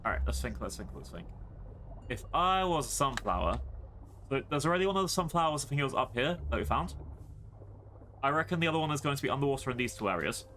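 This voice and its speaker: A man's voice: medium pitch, animated, quick pace, sharp tone, slight background noise. A British man streaming a game live, chatting playfully and rambling to his chat.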